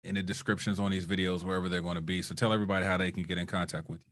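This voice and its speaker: Male host, very low pitch, easygoing interviewer with "um"s. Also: racing. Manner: relaxed, appreciative, with frequent "um"s. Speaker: podcast host. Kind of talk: casual interview.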